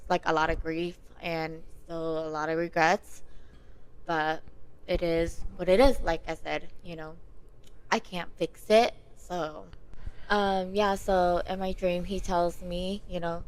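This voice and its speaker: A woman's voice: on the low side, fairly even intonation, unhurried. A woman guest on a podcast, casually retelling a vivid dream with lots of fillers and quoted dialogue. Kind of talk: casual storytelling. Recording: noisy background.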